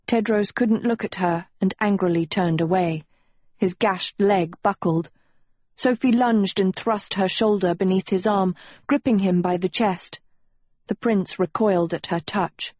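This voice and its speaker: Slow, husky woman audiobook narrator. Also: medium pitch, darkish tone, no echo. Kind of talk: scripted narration.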